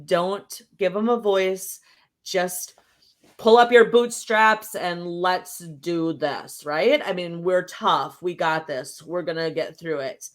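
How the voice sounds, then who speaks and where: Woman on a podcast, talks real slow and thoughtful, keeps saying "right?". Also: lowish voice. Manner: slow, reflective, explains through an analogy; often checks in with "right?". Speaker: podcast guest. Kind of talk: casual interview talk.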